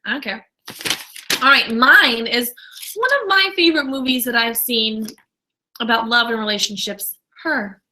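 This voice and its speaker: A woman's voice: on the high side, normal speed, bright, forceful tone, poor audio. A woman co-hosting a film podcast in casual chat, enthusiastic, jokey and blunt. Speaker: podcast co-host.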